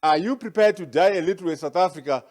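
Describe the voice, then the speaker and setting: Male guest speaker, high voice, rhetorical and forceful, formal address. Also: quick pace. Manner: rhetorical and emphatic, with repeated questions; forceful, with sharp rises for emphasis. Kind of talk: formal presentation to an audience.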